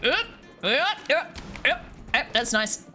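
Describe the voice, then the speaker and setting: An excitable woman streamer commenting live on her game and swearing freely as she plays. Her voice is high and very bright, with pitch that leaps around constantly. Faint game music hums behind her. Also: slow pace. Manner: excitable, foul-mouthed, talks to the game.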